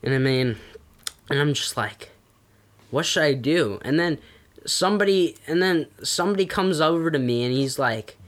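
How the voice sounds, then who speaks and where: A young man chatting casually, rambling through a story with lots of fillers and animated bursts. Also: a little high, moderate pace. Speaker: storyteller guest. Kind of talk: casual podcast chat.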